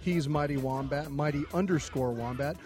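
A man co-hosting a casual comedy podcast, telling jokes and reading out show plugs, swinging from loud to low. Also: moderate pace, faint music behind. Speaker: podcast co-host.

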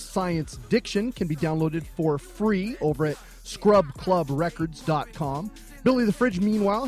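A man hosting a comedy podcast, talking in an upbeat, casual way and swearing freely. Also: sits high. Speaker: podcast host.

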